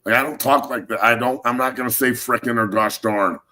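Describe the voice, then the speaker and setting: A man's voice: medium pitch, steady tone, brisk, sharp tone. A man hosting sports talk, a former football player who speaks bluntly and curses constantly in a rambling way. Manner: blunt, heavily profane, rambling.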